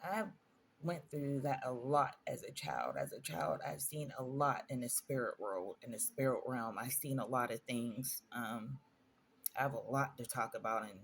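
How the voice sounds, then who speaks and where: A woman's voice: very deep voice, animated, moderate pace, a little hiss or hum. A woman vlogger telling personal stories in a casual storytime monologue, earnest and emphatic, repeating phrases for stress.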